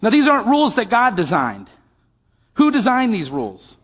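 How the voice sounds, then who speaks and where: A man with a high-pitched voice delivers a sermon in a conversational way and keeps putting questions to the people listening. His voice rings out in a large hall with a long reverb tail. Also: huge pitch swings, normal speed, husky. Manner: conversational, asks the audience questions. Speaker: pastor.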